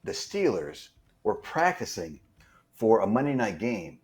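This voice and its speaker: Low-voiced man telling rambling anecdotes. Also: very animated, a little slow. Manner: rambling anecdotes with many fillers and restarts. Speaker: guest, stunt performer. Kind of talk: casual storytelling interview.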